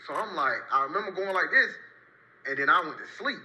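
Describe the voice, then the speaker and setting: Bright-voiced man telling a story. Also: fairly high pitch, lively intonation, fairly quick, husky, poor audio. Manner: emphatic, repeats phrases. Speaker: storyteller in a played clip. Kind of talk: casual storytelling.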